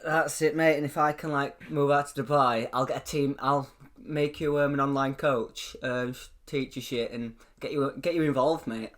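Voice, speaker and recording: A man's voice: medium pitch, steady tone, moderate pace. A young British man co-hosting a podcast, chatting casually, swearing a lot and laughing often. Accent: British English. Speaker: podcast co-host. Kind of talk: casual chat.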